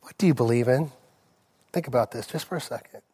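A man's voice: medium pitch, a little fast, warm tone, slightly rough. A man in his forties, a pastor preaching a sermon, telling personal stories and building to impassioned preaching.

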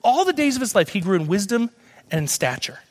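A young man with a high, bright-sounding voice delivers a sermon to a congregation. He talks in a lively storytelling way, slipping into other people's voices as he tells his stories. His delivery keeps moving and stays conversational. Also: fast. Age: young adult. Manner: animated storytelling, acts out quoted voices. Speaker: guest speaker.

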